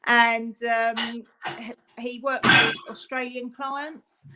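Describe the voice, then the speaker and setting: A woman's voice: a little high, flat delivery, slow pace, heavy background noise. A woman, a parent chatting on a video call, rambling with lots of fillers. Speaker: parent of a fundraiser. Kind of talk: casual chat on a video call.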